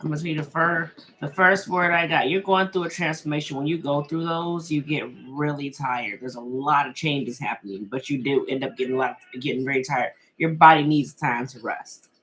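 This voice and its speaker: A woman's voice: low voice, a bit bright, a little hiss or hum. A middle-aged woman hosting a casual live-stream tarot reading, chatty and reassuring, reading viewer comments aloud and laughing often.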